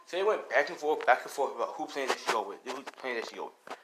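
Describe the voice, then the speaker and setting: A man's voice: medium pitch, lively intonation, quick pace, background noise. A man casually telling a fan story, rambling, with lots of fillers and swearing.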